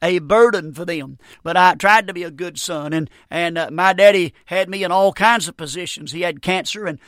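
A middle-aged man delivers a radio sermon in a high, sharp-edged voice. He speaks in a folksy, emphatic way and repeats his key lines. The sound is close and dry. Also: normal speed, no room sound. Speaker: radio preacher.

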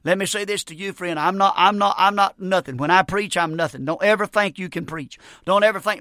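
A man's voice: sits high, fairly quick, few pauses, pushed and bright, no echo, studio quality. A man in his sixties preaching a fervent radio sermon, often breaking in with "Amen".

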